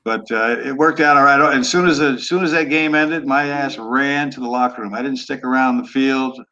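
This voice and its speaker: A man in his sixties, a former quarterback, telling stories in a relaxed, rambling way with some rough language. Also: mid-range voice, moderate pace, dull audio. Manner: laid-back, trailing off, rough language. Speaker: guest, former football quarterback. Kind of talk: casual storytelling interview.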